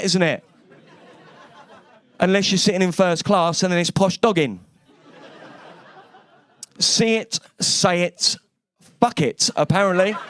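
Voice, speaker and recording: A man's voice: high-pitched, a bit bright, dry recording. A man from East London with a London accent, doing a brash, cheeky stand-up comedy set on a club stage with lots of swearing.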